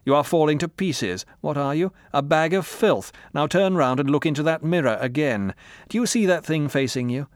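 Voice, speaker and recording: A man's voice: a little high, moderate pace, dry recording, clean studio sound, voice pushed up, close to an everyday voice. A man voicing a cold, menacing middle-aged male interrogator in an audiobook, with a harsh, commanding, contemptuous manner. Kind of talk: audiobook character reading.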